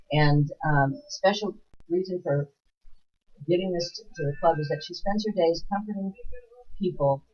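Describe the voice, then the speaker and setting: A woman co-hosting a local TV talk show, chatting in a rambling, talkative way and laughing often. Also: lowish voice. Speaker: TV show co-host. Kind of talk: casual chat. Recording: dull lo-fi livestream audio.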